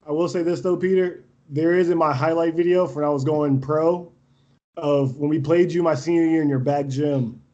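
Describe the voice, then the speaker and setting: A young man swaps stories in a loose podcast chat, voice sitting on the higher side for a man. He talks with brash confidence and keeps breaking into laughter. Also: moderate pace, dull audio. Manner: brash, animated, laughs often. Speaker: podcast guest, volleyball coach. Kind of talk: casual storytelling interview.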